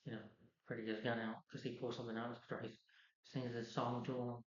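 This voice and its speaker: A man's voice: mid-range voice, level tone, quick pace. Rambling man recapping a movie. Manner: rambling, full of "you know" and "like". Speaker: movie reviewer. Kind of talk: casual plot recap. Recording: roomy, dull lo-fi sound.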